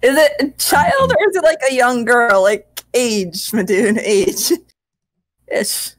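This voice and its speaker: A woman's voice: fairly high pitch, lively intonation, slow, no room sound. A woman joking with friends as a player in a tabletop game. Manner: playful, teasing banter. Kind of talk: casual tabletop game chat.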